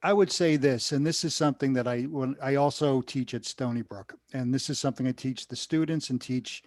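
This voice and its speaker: A man's voice: medium pitch, a little fast, darkish tone, dry recording. New York-accented male broadcaster, earnest, dry-recorded. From Queens, New York. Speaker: radio broadcaster and teacher. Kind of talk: panel discussion.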